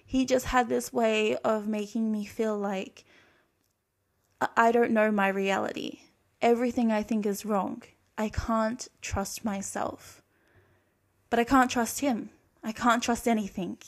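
A woman's voice: on the high side, flat delivery, a little slow. Earnest young Australian woman confiding. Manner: earnest, reflective, emotional. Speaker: podcast host. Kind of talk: confessional storytime monologue.

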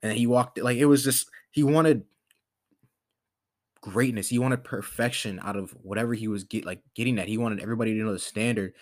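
A man's voice: on the low side, fairly quick, darkish tone. A man hosting a podcast, talking in a casual motivational monologue, rambling with lots of fillers and restarts. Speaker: podcast host.

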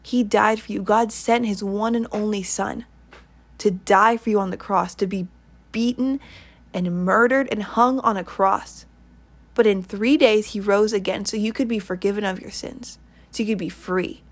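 A woman's voice: mid-range voice, steady tone, moderate pace. A woman giving an earnest, rambling online sermon, repeating her points and leading a prayer. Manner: earnest, repetitive, rambling exhortation. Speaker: online preacher.

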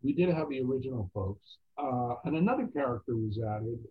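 A man telling stories as an actor guest in a casual interview, animated and quoting other people's voices. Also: mid-range voice, fairly quick, a little hiss or hum. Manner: animated anecdotes with quoted voices. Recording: tinny phone-like line.

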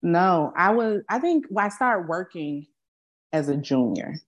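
A woman in her thirties from Chicago, joining as guest co-host and telling joking stories in a relaxed casual chat. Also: lowish voice, measured pace.

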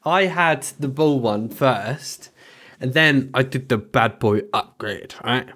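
Rambling jokey podcast co-host. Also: male voice, medium pitch, a bit bright. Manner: rambling and jokey, swears freely, bursts of fast talk. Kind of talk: casual podcast banter.

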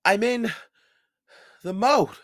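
A man's voice: on the high side, expressive, slow pace, creaky, bright, forceful tone, no room sound, studio quality, pitched above the performer's own voice, heavily acted. A man voicing a cautious, anxious young boy in a children's storybook reading.

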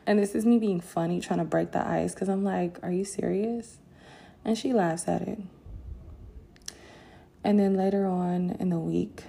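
A woman vlogger telling a candid story time to her viewers, casual and animated, with bursts of indignation. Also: on the low side, creaky, slight background noise.

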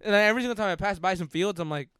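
A man's voice: high voice, very fast, fairly bright tone, smooth, no echo, clean studio sound. A young man telling a rambling story in casual podcast chat, swearing freely and packing in 'like' and 'bro'.

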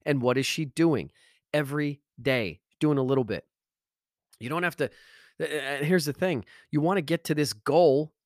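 A man's voice: fairly high pitch, no room sound, studio quality. A middle-aged man hosting a motivational podcast monologue, talking emphatically and repeating phrases for effect. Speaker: podcast host.

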